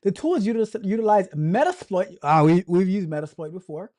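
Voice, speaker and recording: A man's voice: sits high, animated, moderate pace, mellow. A man hosting a casual tech livestream, joking around and reading news aloud with stumbles and repeated words.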